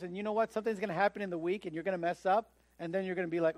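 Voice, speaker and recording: A man's voice: high-pitched, steady tone, very fast, few pauses, darkish tone, dry recording. A man preaching a sermon in a conversational way, often acting out the voices of the people he quotes. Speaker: pastor.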